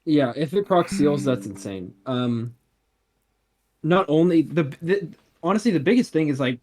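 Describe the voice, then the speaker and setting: A man's voice: on the high side, animated, normal speed, darkish tone. A man who is a guest on a casual gaming podcast, talking eagerly and packing his speech with fillers like "like" and "you know.". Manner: filler-heavy, enthusiastic, lots of "like".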